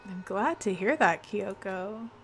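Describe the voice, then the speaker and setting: An earnest, hopeful teenage boy from a game, read aloud by a woman. The lines come slowly and plainly, with mid pitch. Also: lively intonation, a bit bright, soft background music.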